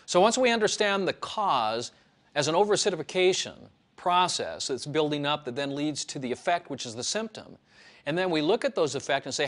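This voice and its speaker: Emphatic, preachy man, slightly high voice. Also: lively intonation, a little fast, fairly bright tone. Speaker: health author. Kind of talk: promotional monologue.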